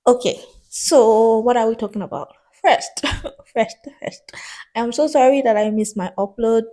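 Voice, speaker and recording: Young woman, book vlogger, mellow warm tone, chatty, slightly sick-sounding, casual commentary. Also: fairly high pitch, unhurried. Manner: chatty, thoughtful, laughs between points. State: sick, a bit congested.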